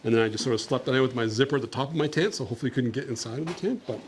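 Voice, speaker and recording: A man's voice: medium pitch, rapid-fire, a little hiss or hum. A young man from Canada chatting casually with a school class about his travels, upbeat and friendly, with lots of "like" fillers. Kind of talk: casual talk and Q&A with children.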